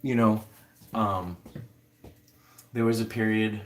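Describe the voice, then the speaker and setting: A man's voice: lowish voice, steady tone, slow pace. A man hosting a casual livestream, rambling with many fillers as he answers viewer comments. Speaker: livestream host.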